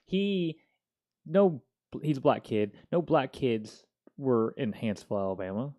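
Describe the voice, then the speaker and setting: A man in his thirties spins a story on his casual talk show, loose and full of slang. His voice sits at an ordinary middle pitch, with a relaxed, chatty delivery. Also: measured pace. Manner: slangy, animated, peppered with "dude" and "yo". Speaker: podcast host.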